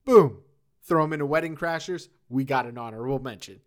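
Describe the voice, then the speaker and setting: Co-hosting a laid-back podcast, the man sounds energetic and is quick to laugh; his voice falls in the mid range.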